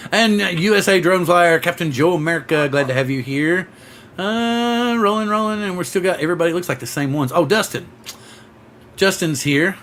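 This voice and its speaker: A man's voice: a little high, creaky, fairly bright tone, slight background noise. A man hosting a casual livestream, chatting and rambling as he greets viewers by name. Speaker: host.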